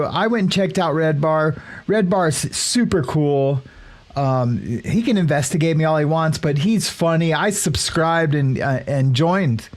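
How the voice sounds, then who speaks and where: A man's voice: on the high side, animated, measured pace. A man hosting a casual morning live stream, rambling with lots of fillers and restarts as he greets viewers by name. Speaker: livestream show host.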